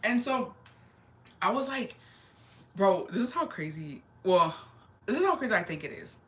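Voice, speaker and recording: A woman in her twenties chatting casually on a livestream, slangy and animated, dropping Spanish words into her storytelling. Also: mid-range voice, moderate pace. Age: 20s. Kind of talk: casual chat.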